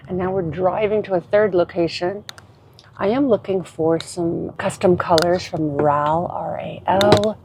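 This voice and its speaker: A woman's voice: lowish voice, mellow, a little hiss or hum. A young adult woman vlogging to the camera, chatty and effusive, narrating her day while walking through streets and shops. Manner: chatty, effusive, calls viewers darling. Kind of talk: casual vlog narration to camera.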